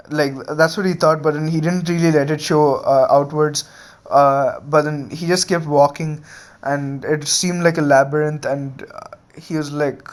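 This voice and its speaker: A young man improvising a fan story, halting and full of filler words and restarts. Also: a little high, steady tone. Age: young adult.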